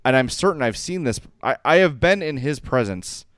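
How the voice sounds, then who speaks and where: A man's voice: mid-range voice, lively intonation, moderate pace, no room sound, clean studio sound. A man co-hosting a sports podcast, chatting casually and rambling through stories with easy laughs. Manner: chatty, rambling storyteller who laughs easily. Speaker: podcast co-host.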